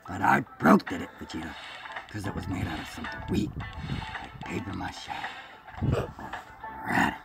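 A man's voice: sits low, animated, unhurried, gravelly, pauses often, pitched below the performer's own voice, exaggerated voice. A man doing Nappa, a dim brutish alien brute. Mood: childish. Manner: rambling, crude, childish teasing. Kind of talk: improvised voice over gameplay. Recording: game music playing behind.

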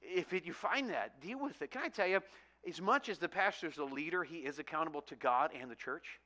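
A pastor in his forties preaching a sermon, telling self-mocking stories with animated humor. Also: on the high side, a little fast.

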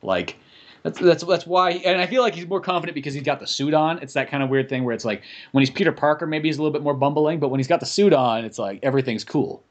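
A man's voice: fairly high pitch, quick pace, dull audio. A man co-hosting a comedy podcast, chatting casually and cursing a lot while he acts out silly bits. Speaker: podcast co-host.

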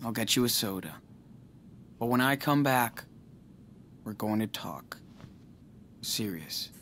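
A man's voice: on the low side, expressive, takes it slowly, a bit bright, slight background noise. An actor voicing a teenage boy in a video game, a tense and protective older brother who pleads with his sibling. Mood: resolved.

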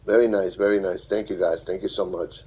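Husky-voiced male live streamer. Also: low voice, steady tone, rough recording. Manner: reads viewer comments aloud and thanks them warmly; halting, with many fillers and restarts. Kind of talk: casual live-stream chat.

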